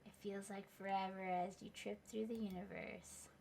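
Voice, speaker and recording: A woman's voice: mid-range voice, level tone, normal speed, creaky, a little mellow, slight background noise. A young adult woman hosting a let's play, reading game narration aloud with playful, giggly asides.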